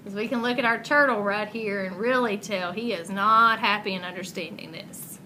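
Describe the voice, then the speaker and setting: A woman teacher reading a picture book aloud expressively and pausing to ask guiding questions. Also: mid-range voice, pushed and bright, slight background noise, poor audio.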